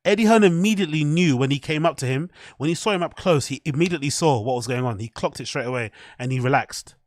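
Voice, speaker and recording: Guy streaming, swears a lot, rambles at chat, kinda high voice, dry close mic. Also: fast talker, no echo. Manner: profane, rambling, talks to chat. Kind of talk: casual live-stream commentary.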